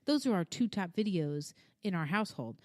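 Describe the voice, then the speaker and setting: A woman in her thirties co-hosting a podcast, telling stories in an animated, casual way, swearing freely and acting out the voices of people in her stories. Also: lowish voice, brisk, no room sound, clean studio sound. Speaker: podcast co-host. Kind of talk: casual chat.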